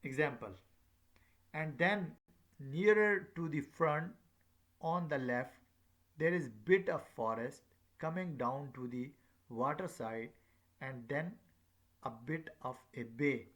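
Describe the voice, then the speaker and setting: A man giving a recorded lecture, hesitant and full of filler sounds, repeating his examples slowly to stress them. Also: on the high side, a bit bright.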